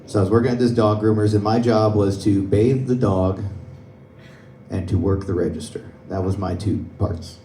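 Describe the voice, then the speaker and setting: A man's voice: lowish voice, fairly even intonation, normal speed, mellow, a little hiss or hum. Man doing stand-up in a roomy club. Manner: conversational storytelling, laughing at his own jokes. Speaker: stand-up comedian. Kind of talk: stand-up comedy set. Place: comedy club stage. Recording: roomy club sound, mic from a distance.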